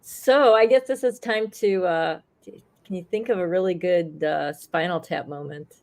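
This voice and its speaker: A woman's voice: fairly low pitch, normal speed, darkish tone. Lady host asking questions, reads comments, easygoing. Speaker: podcast host. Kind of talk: casual interview questions.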